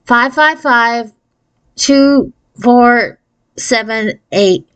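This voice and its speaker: A woman's voice: a little high, sing-song, normal speed, dull audio, pitched above the performer's own voice. A woman voicing a bold, slightly theatrical fifth-grade girl in a storybook read aloud.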